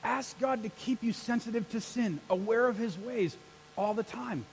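A man preaching a sermon as pastor, energetic and rallying his congregation to answer back. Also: very high voice, normal speed, slight background noise, poor audio. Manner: energetic, rallies the congregation with call-and-response. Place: church sanctuary.

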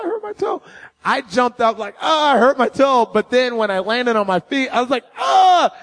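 A young man with a high-pitched voice gives a sermon as a guest speaker. He tells stories in a lively, self-deprecating way, with big vocal swings in his retellings. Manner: animated, self-mocking storyteller. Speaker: guest preacher. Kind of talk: storytelling sermon.

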